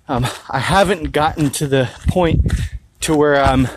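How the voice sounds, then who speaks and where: A man's voice: a little high, slight background noise, low-quality recording. A man talking casually into his phone for his vlog, rambling and swearing as he tells a story. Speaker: health vlogger. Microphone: handheld phone held low.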